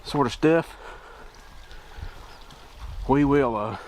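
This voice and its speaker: A man's voice: medium pitch, very slow, a little mellow, slight background noise. An older man, talking casually and rambling while he hikes up a wooded trail, out of breath, into his camera mic. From Kentucky. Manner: rambling, folksy, with many fillers. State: out of breath from climbing. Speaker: outdoor vlogger. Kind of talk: casual narration while hiking. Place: wooded hillside trail outdoors. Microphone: camera microphone.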